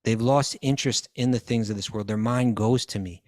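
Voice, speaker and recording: A man's voice: mid-range voice, fairly even intonation, brisk, a little mellow. A man teaching scripture in a question-and-answer talk, quoting Sanskrit verses, translating them and often restarting his phrases.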